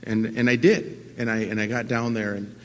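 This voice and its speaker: A man giving a personal recovery talk to an audience at a convention, earnest and halting with many restarts, swinging from quiet to impassioned. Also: fairly low pitch, flat delivery, slight background noise. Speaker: AA speaker. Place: large conference hall at a convention. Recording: long hall reverb from a live talk.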